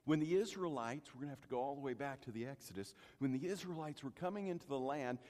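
A man preaching a sermon, telling the story with lively acting-out and speaking straight to the congregation. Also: mid-range voice, fast, big-room sound. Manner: animated storytelling, addresses congregation directly.

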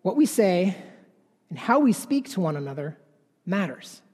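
A man's voice: high-pitched, big pitch swings, normal speed, a little mellow, slightly rough. Man in his 30s, sermon, casual tone, tag questions, long hall reverb. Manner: conversational, keeps adding "right?". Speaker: pastor.

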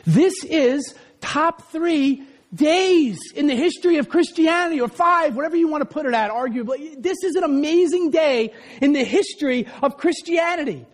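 A male pastor preaching a passionate sermon, rising to shouts for emphasis while reading from an old text. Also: extremely high pitch, lively intonation, normal speed.

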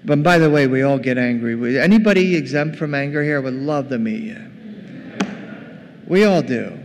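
Conversational male preacher in a reverberant church. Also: medium pitch. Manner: conversational, addresses the congregation as gang. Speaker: pastor. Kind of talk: sermon. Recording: long reverb, faint noise.

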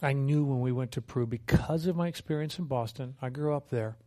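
A man preaching as a missionary talks a little fast in a medium-pitched voice. His sermon is humorous and conversational, with animated storytelling and acted quotes.

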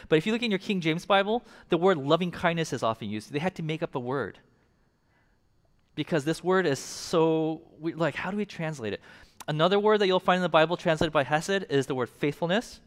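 A man in the pulpit gives a relaxed, humorous sermon to a congregation. His voice sits a little high for a man and rings out with a long hall reverb. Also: a little fast. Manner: casual, joking, engages the audience. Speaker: pastor.

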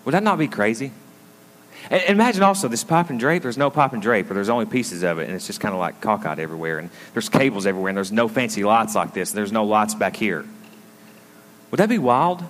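A pastor with a lowish voice preaches at a quick pace, his delivery animated. He tells a story in a conversational sermon, often turning to the congregation with asides. The recording, made in a school auditorium used as a church, has a long hall reverb.

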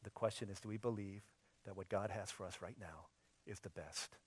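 A man in his thirties preaching a sermon, telling a funny story with acted dialogue, swinging from soft to loud. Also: on the low side, normal speed, husky, in a large hall. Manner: humorous, plays out scenes in quoted dialogue. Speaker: pastor.

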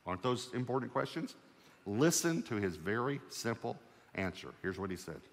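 A male preacher with a fairly low voice, telling a personal testimony from the pulpit in a lively, storytelling way. He acts out both sides of his talks with the Lord, and a long hall reverb rings after each phrase. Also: normal speed.

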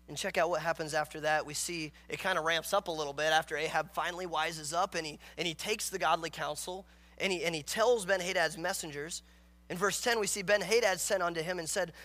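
Bright, high-pitched preaching man. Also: a little fast. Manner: earnest, emphatic preaching with reenacted dialogue. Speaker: pastor. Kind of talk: sermon.

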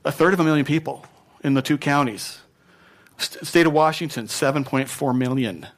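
A man's voice: fairly high pitch, moderate pace. A man preaching a sermon as pastor in a church, conversational and at times emphatic.

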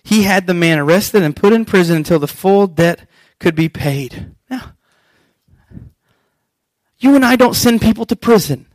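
A man preaching a sermon as pastor, animated and acting out scripture scenes. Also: high-pitched, a little slow, no echo, low-quality recording.

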